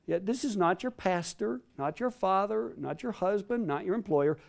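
Male preacher, high-pitched and animated, emphatic teaching sermon with repeated phrases. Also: normal speed, vocal fry. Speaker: Bible teacher. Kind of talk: sermon teaching to a live audience.

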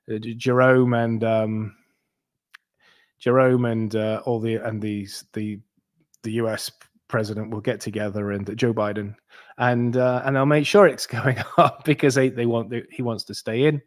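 A man hosting a crypto channel, talking straight to his viewers in a rambling, animated way, with many restarts and asides. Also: medium pitch, normal speed. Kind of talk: casual monologue to viewers.

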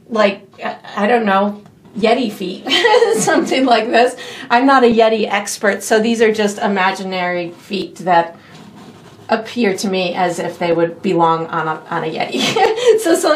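A woman teaching a step-by-step painting tutorial in an easygoing, chatty way, with light laughs and fillers. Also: on the high side. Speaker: painting instructor.

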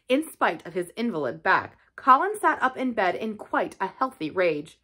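A woman reading a classic novel aloud in an expressive storytelling style. Her pitch sits in the middle but moves in lively rises and falls. She reads for a library audience. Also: normal speed, hardly any pauses. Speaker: library reader.

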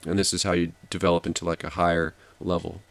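A man's voice: low voice, level tone, quick pace, gravelly, faint music behind. A man hosting a study channel, summarizing and explaining a history book in a casual way, thinking aloud with fillers and restarts. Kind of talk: casual study-guide commentary.

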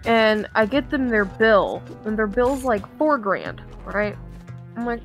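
A woman's voice: a little high, moderate pace, soft background music. A young woman casually telling a long work story, acting out customers' lines and laughing often.

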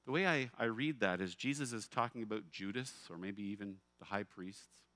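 A male pastor preaching a sermon, expressive and emphatic, often posing rhetorical questions. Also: on the low side, moderate pace, dry recording. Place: church.

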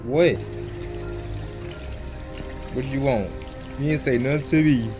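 A young man giving casual, animated let's-play commentary, joking and trash-talking the game's characters. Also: medium pitch, a little slow. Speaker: gaming YouTuber. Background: video game music.

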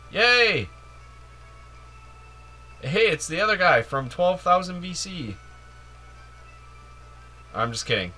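Man, let's player, playful jokey commentary, very bright tone, lively swooping pitch, faint game music behind. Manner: playful, giddy, jokey, lots of "like" and "yay". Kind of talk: casual gameplay commentary.

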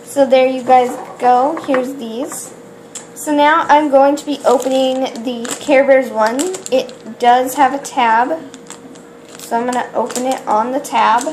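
A woman opening toy blind bags on camera in casual chat, excitable and gasping, who rambles with trailing restarts. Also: high voice, a little slow, slight background noise. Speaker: toy unboxing vlogger.

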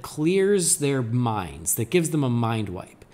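A man co-hosting a podcast, talking in a loose, rambling way as he retells an episode's plot. His voice sits in a middle register, and his delivery is relaxed chat rather than scripted narration. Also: medium pitch, slow pace, few pauses. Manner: rambling, animated plot recap. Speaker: podcast co-host. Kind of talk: casual chat.

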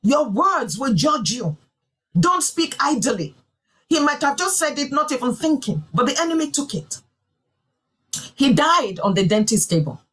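A woman's voice: high voice, sing-song, a little slow, fairly bright tone, low-quality recording. A woman pastor preaching a sermon, driving her points home with emphatic repeated phrases.

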